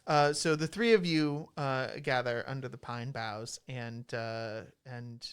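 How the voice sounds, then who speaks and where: A man narrating as dungeon master in a relaxed, chatty way with many fillers. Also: medium pitch, slow pace, clear, resonant tone. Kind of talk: narrating a tabletop game. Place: college radio studio.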